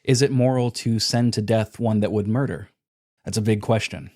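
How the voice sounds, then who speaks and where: A man's voice: lowish voice, steady tone, normal speed, a little mellow. A man on a podcast, casually retelling video game quests and acting out character lines as he goes. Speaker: podcast co-host.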